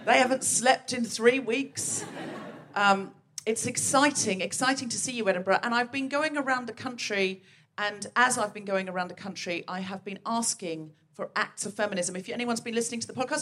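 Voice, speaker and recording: A woman with a bright, lively voice, pitched a touch high, hosts a live comedy podcast from a theatre stage. She jokes at her own expense and chats freely with the crowd through a stage microphone, with a faint hiss underneath. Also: normal speed. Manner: chatty, self-mocking banter with the audience. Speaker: podcast host.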